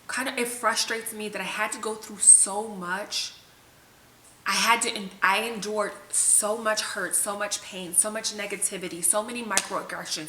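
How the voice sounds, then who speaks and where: A woman's voice: mid-range voice, sharp tone. A woman vlogger telling a personal story to the camera in a candid, emotional, conversational way. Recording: echoey room with faint hiss.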